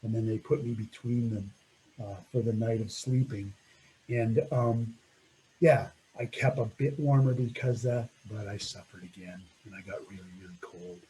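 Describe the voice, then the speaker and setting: A man's voice: on the low side, fairly even intonation, normal speed, dark tone, a little hiss or hum, low-quality recording. A middle-aged man telling a climbing story over slides in a reflective way, often laughing and trailing off.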